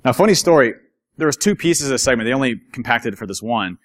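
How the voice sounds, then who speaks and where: A man giving a casual, chatty conference talk to a live audience, telling stories in an animated way. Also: mid-range voice, fast talker. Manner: chatty, animated, acts out quoted voices. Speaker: conference speaker.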